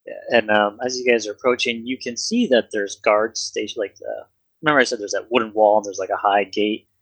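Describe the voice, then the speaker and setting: A game master narrating a tabletop game in a relaxed, hesitant way with many pauses. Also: medium pitch, husky, no room sound, poor audio.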